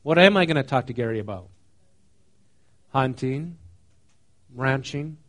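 A man's voice: medium pitch, expressive, a little slow. Conversational man preaching a sermon. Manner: conversational, asks the congregation questions; reads scripture then explains it casually. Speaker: pastor.

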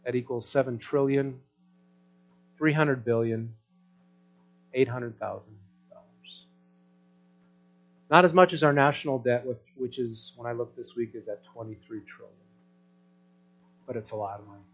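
A man preaching a sermon in a conversational way, checking in with the congregation through rhetorical questions and swinging between loud emphasis and soft asides. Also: mid-range voice, moderate pace, long pauses, highs cut off. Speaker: pastor.

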